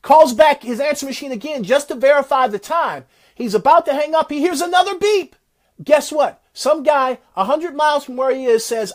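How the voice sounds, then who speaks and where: A man giving a motivational talk, retelling a success story in an animated, preacher-like way. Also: very high voice, moderate pace. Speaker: motivational speaker.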